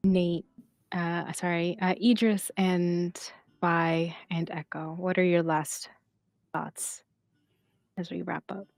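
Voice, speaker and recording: A woman's voice: fairly low pitch, little pitch movement, slow pace, creaky. A woman narrating as game master, chatty and full of filler words.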